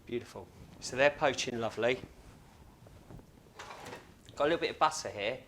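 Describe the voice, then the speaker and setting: A man's voice: medium pitch, normal speed, a bit bright, a little hiss or hum. A man hosting a casual cooking demonstration in a home kitchen, chatty and joking with self-mocking asides. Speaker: cooking show host.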